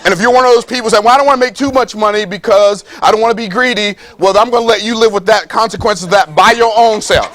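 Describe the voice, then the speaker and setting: High-voiced emphatic preaching man. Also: a bit bright. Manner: emphatic, repeats phrases, reads scripture slowly; playful, acts out quoted voices. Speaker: speaker at a business seminar. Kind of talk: preaching-style motivational talk.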